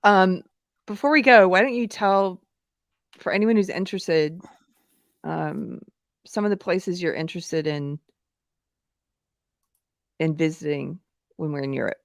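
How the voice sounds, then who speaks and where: A woman's voice: fairly low pitch, a little slow, gravelly, long pauses, no room sound, studio quality. A woman with a Southern American accent hosting a casual live-stream chat, laughing often. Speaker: podcast host.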